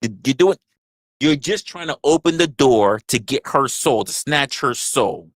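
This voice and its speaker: A man's voice: medium pitch, expressive, a little slow, dry recording. A man hosting a livestream in casual chat, rambling, crude and joking, repeating his phrases into a close mic. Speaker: livestream host.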